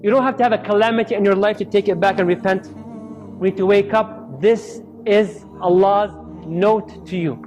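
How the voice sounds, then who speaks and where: A man's voice: high voice, moderate pace, highs cut off, faint music behind. A man giving a storytelling sermon, acting out the voices of people in his stories. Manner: acts out quoted voices in lively storytelling. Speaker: Islamic speaker.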